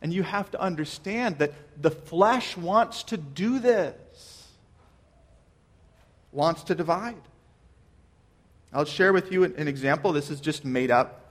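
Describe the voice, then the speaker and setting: A pastor preaching a sermon to his church, earnest and measured, asking his listeners questions. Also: fairly high pitch, a bit bright.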